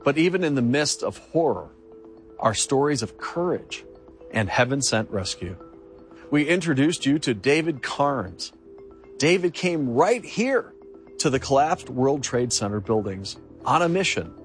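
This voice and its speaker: A man narrating a scripted news feature in a dramatic, measured way. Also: medium pitch, sing-song, faint music behind.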